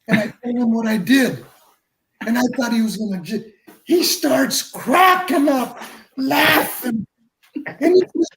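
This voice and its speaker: High-voiced older man telling a story. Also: lively intonation, unhurried, roomy sound, poor audio. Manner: acts out the people he quotes. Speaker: guest. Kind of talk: telling an anecdote on a talk show.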